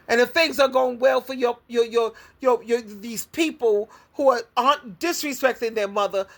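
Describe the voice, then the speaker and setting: Older woman advice vlogger, high voice, blunt and preachy, hammers key words by repeating them. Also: fairly bright tone. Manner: preachy, lecturing tone. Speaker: advice coach and Christian counselor. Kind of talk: personal vlog monologue.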